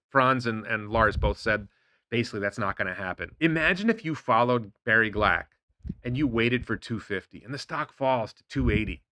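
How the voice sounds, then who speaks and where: A middle-aged man hosting a stock market livestream, talking in an animated, indignant way with lots of rhetorical questions. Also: medium pitch, no room sound. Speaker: stock market show host. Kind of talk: livestream commentary.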